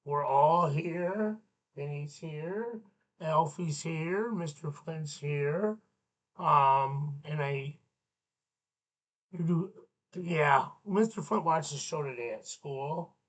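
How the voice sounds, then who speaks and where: Slow-talking, goofy man as a kids' show teacher who jokes with puppets. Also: on the high side, fairly bright tone. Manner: goofy, playful banter with puppets. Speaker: children's show host and teacher.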